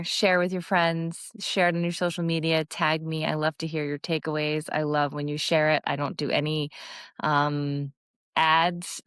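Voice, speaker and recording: A woman's voice: deep voice, fairly bright tone, smooth, dry recording. A middle-aged woman hosting her own podcast, talking candidly in a rambling, casual way and swearing freely. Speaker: podcast host. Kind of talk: casual solo podcast monologue.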